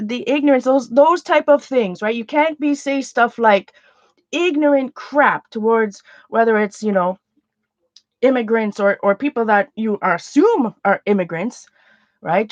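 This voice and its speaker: A woman with a slightly high voice chats casually on a home livestream, earnest and rambling. The sound is dull and lo-fi. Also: no room sound. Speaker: art channel host.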